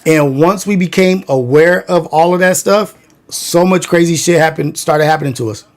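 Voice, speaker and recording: With a fairly high pitch and a moderate pace, this livestream host swaps wild tales about growing up in Long Beach, California. His casual storytelling is slangy, rambling, and full of fillers.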